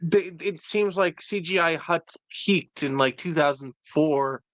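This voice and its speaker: A man's voice: a little high, a little slow, fairly bright tone, no room sound, poor audio. A man, guest in a casual review chat, chiming in with brief, hesitant remarks.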